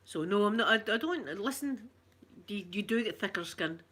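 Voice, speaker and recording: A woman's voice: medium pitch, lively intonation, normal speed, fairly bright tone. A middle-aged Scottish woman, an ASMR streamer chatting casually, telling rambling stories and reading out viewer comments. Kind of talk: casual live chat.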